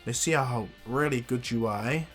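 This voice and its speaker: A man voicing a brash, fiery young boy ninja who shouts battle cries and brags. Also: mid-range voice, moderate pace, faint music behind, natural voice. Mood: threatening.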